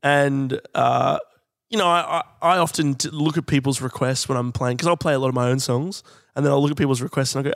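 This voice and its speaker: A musician telling rambling stories with frequent chuckles in a casual podcast chat. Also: male voice, medium pitch, fairly quick, creaky, dry recording, studio quality.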